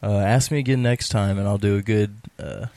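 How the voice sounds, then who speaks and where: A man's voice: on the low side, steady tone, a little fast, mellow, dry recording. A man with a sore throat telling a rambling, laughing story in a casual gaming chat. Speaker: podcast co-host.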